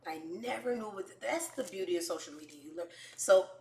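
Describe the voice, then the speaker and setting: A woman hosting a show, telling stories in a brash, profane way, swinging from quiet asides to loud outbursts. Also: mid-range voice, animated, brisk, roomy sound. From New York. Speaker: show host. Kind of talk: casual comedic storytelling.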